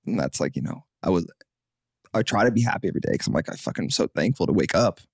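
Rambling young man with a gravelly voice. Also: low-pitched, fast, dry recording, studio quality. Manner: rambling, heavy use of "like", animated when quoting people. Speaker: podcast guest. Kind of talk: casual chat.

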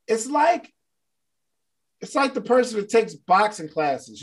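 High-voiced animated motivational speaker. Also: male voice, slow, pauses often. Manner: animated, playful, acts out scenes. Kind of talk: casual motivational talk to a live online audience.

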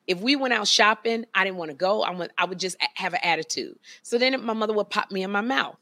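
A woman in her forties chats as a TV talk show co-host and tells stories with lively drama. Her voice is bright and forceful, recorded close and dry in the studio. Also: mid-range voice, quick pace, no room sound. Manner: animated, dramatic storytelling. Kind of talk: casual chat.

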